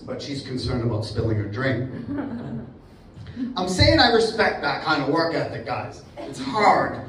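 A man's voice: medium pitch, big pitch swings, measured pace, fairly bright tone. A man from Boston doing a profane stand-up comedy set, often laughing at his own jokes. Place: comedy club stage with live crowd. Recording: echoey, distant, noisy room recording.

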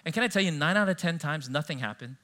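A man preaching a sermon as pastor, telling personal stories in an animated way and acting out the dialogue. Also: on the high side, fast. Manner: animated storytelling, acting out dialogue, frequent laughs.

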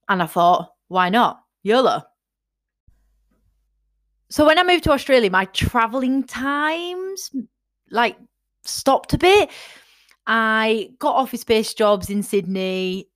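A woman's voice: medium pitch, expressive, measured pace, a bit bright. A woman, chatty and enthusiastic, casually telling her personal fitness story to her followers. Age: 30s. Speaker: fitness vlogger.

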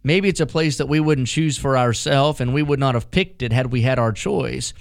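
A man's voice: medium pitch, steady tone, normal speed, vocal fry, dry recording, clean studio sound. A man preaching a radio sermon as pastor, folksy and emphatic, mixing jokes into the message.

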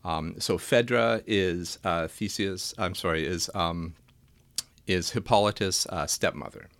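Deep-voiced man giving a thoughtful summary. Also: unhurried, creaky, a bit bright, no room sound. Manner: thoughtful, hesitant, with frequent fillers. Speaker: podcast co-host. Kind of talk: casual academic discussion.

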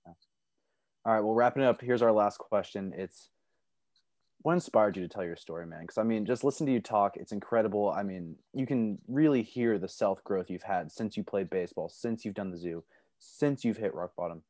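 A man with a fairly low voice poses an interviewer's questions. He sounds encouraging and admiring toward his guest, and the recording is dry and close. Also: moderate pace, darkish tone, no echo. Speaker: interviewer, podcast host.

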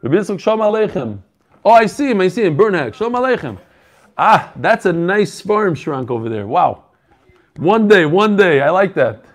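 This host of an online study group has a high, very animated voice at a moderate pace. On the video call he keeps things casual with the members, joking around and saying hello to each person by name.

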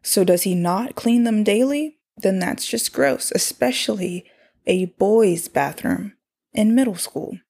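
Woman, casual recap, exasperated asides, mid pitch. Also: expressive, unhurried, creaky, darkish tone, husky. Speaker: show recapper.

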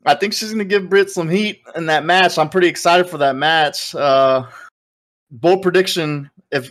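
A man talking loosely on a podcast, rambling from one thought to the next and getting fired up as he goes. His voice sits in an everyday middle register, and he drops a casual curse now and then. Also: mid-range voice. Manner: rambling, excitable, swears casually. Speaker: podcast co-host. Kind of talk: casual wrestling podcast chat.

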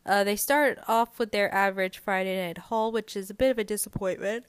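A woman hosts a casual book podcast, talking through the chapters in a loose, chatty manner. Her voice is smooth and clear, recorded dry and close with no room sound. Her pitch sits in an ordinary middle range. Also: fairly quick, no echo. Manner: chatty, conversational, frequent "uh" and "like".

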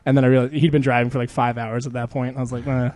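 A man's voice: medium pitch, little pitch movement, rapid-fire, darkish tone, no echo. A young man chatting casually with a friend, rambling, swearing a lot and laughing often. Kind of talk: casual chat.

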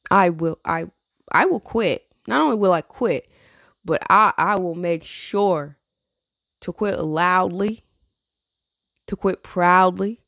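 Blunt, profane woman with gravelly low voice. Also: no echo, studio quality. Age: adult with a teenage niece. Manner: blunt, profane, rambling with laughs. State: tired. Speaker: vlogger. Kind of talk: casual venting chat.

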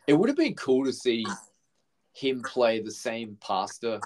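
A man's voice: mid-range voice, big pitch swings, unhurried, background noise. A man co-hosting a podcast, chatting casually about a film, swearing a lot and rambling through restarts. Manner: laid-back, heavy swearing, rambling restarts. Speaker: podcast co-host. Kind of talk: casual movie chat.

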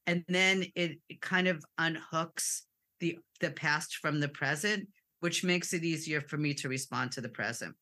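Woman therapist chatting candidly, bright crisp tone, laughs now and then. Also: deep voice, normal speed. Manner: candid, personal, animated with laughs. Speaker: clinician and co-host. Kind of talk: casual explanatory talk.

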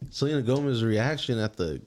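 A man with a middle-pitched voice talks casually on a podcast. He explains things in halting bits, repeating words as he gropes for them. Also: lively intonation, darkish tone. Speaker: podcast co-host. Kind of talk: casual chat.

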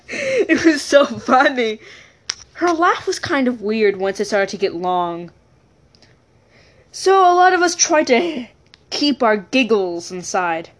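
Giggly high-voiced woman telling a story. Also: very animated, takes it slowly, pauses often. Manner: giggly, keeps breaking into laughter; rambling, self-correcting asides. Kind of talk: casual personal storytelling.

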